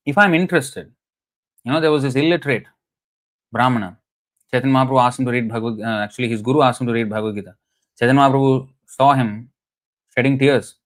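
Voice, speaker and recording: A man's voice: mid-range voice, a bit bright. Man giving a chatty scripture talk. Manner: anecdotal, chatty, frequent "you know" fillers. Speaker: scripture class speaker. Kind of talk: conversational scripture lecture.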